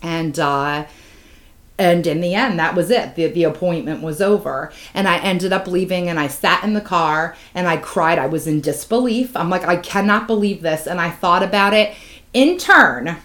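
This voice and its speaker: A woman co-hosting a podcast, telling a painful personal story with raw emotion and plenty of swearing. Her voice drops low and hushed, then climbs loud and heated. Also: moderate pace. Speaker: podcast co-host. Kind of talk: candid podcast chat.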